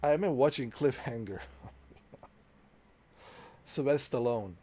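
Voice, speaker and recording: A man's voice: mid-range voice, measured pace, dark tone. Laid-back joking male game streamer. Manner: joking, mimics foreign accents and dubbing, laughs often. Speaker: gameplay streamer. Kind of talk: casual commentary over gameplay.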